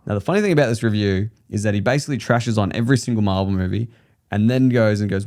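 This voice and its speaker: A man's voice: on the low side, fast talker, darkish tone. A man co-hosting a podcast, chatting casually, swearing and reading out movie reviews. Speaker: podcast co-host. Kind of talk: casual chat.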